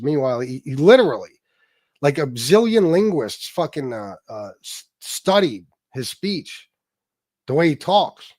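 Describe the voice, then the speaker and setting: A middle-aged man hosting a casual livestream, telling stories in a profane, mocking and lively way. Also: a little high, normal speed, no echo. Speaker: livestream host.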